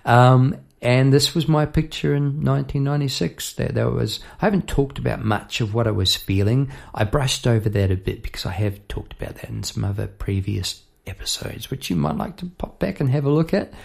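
A man from New Zealand hosting a podcast, telling lively anecdotes and mimicking the people in them. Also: medium pitch, moderate pace, gravelly, few pauses. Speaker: podcast host and musician. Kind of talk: storytelling monologue.

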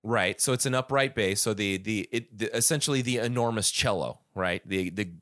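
A man's voice: on the low side, moderate pace, a bit bright, no room sound, studio quality. A man hosting a casual podcast about a music album, rambling with many restarts and fillers. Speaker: podcast host.

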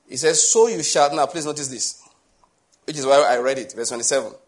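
A middle-aged man preaching a sermon, animated, asking rhetorical questions and acting out little scenes. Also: medium pitch, a little fast.

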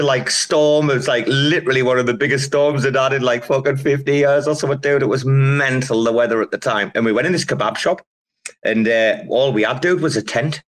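Brief: middle-aged man, loose and sweary, spins long anecdotes in a relaxed chat show, mid-pitched voice. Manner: profane, rambling storyteller. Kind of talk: casual online audio chat.

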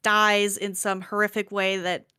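A woman's voice: mid-range voice, a little slow, smooth, no room sound, studio quality. Woman, podcast co-host, clean resonant tone, chatty and irreverent. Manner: animated, laughing, casual swearing. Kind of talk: casual book-club chat.

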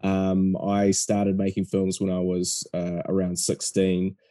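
A man's voice: low voice, takes it slowly, no room sound. A man in his thirties with a New Zealand accent, a filmmaker guest talking casually with hesitant fillers. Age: 30s. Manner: relaxed, hesitant with many fillers. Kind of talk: casual podcast chat.

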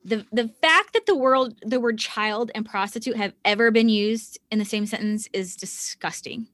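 A woman's voice: fairly high pitch, moderate pace, fairly bright tone, no room sound, studio quality. A woman hosting a true-crime podcast, talking earnestly and with indignation. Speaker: podcast host. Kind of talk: conversational true-crime discussion.

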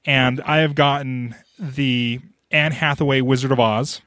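A man's voice: medium pitch, steady tone, unhurried, a bit bright, no room sound, studio quality. A man hosting a podcast, chatting casually and often restarting his sentences. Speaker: podcast host. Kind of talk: casual chat.

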